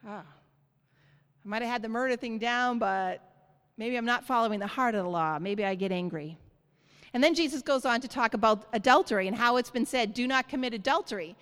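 A woman pastor delivering a sermon in a church, preaching with animated, rising emphasis. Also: on the high side, a little fast, smooth. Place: church sanctuary. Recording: hall reverb.

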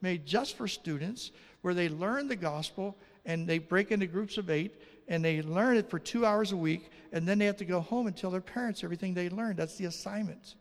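A man telling a lively testimony as a missionary preacher, acting out the dialogue of his story. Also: high-pitched, a little fast, few pauses, in a large hall.

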